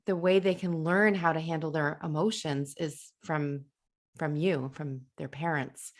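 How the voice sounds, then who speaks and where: A woman's voice: deep voice, gravelly. A woman hosting a live podcast, talking enthusiastically and emphatically about parenting and children's stress. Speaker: podcast host.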